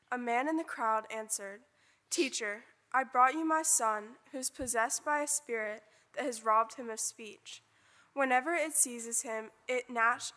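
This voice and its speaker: A woman's voice: a little high, sharp tone. A woman reading a Bible passage aloud in church, lifting her voice for the quoted speech. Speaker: scripture reader. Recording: church hall reverb.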